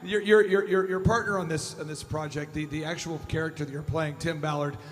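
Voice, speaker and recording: A man hosting a conference on stage, quick and emotional as he introduces the next segment. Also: a little high, fairly even intonation, in a large hall, faint music behind. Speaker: conference host. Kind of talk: live stage emceeing.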